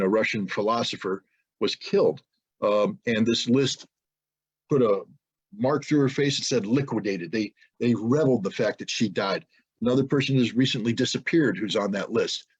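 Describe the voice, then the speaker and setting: A husky American man speaks as a guest on a webinar, heard over a dull video-call line. His medium-pitched delivery is forceful and indignant, building to loud rhetorical questions in an impassioned talk.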